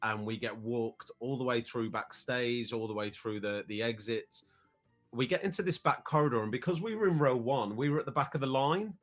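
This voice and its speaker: At normal speed and in a mid-range voice, a man in his thirties from the United Kingdom shares a family trip story as a podcast guest, with soft music underneath. His delivery is relaxed and meandering, and he tends to repeat words when starting a sentence.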